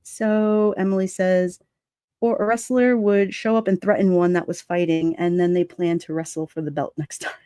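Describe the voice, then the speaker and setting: A woman's voice: lowish voice, fairly even intonation, normal speed, dark tone, smooth, no echo, studio quality. A woman hosting a casual livestream, chatting and reading comments from her chat in a rambling way, laughing often. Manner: rambling, laughs often, lots of fillers and restarts.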